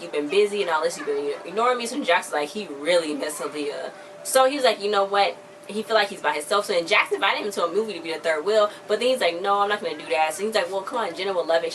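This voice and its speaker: Young woman, fast, chatty, slangy, excitable, a bit off-mic, faint noise. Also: on the low side, recorded from a distance. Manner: chatty, excitable, slangy, acts out characters' lines. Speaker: vlogger reviewing a TV episode. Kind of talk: casual recap chat.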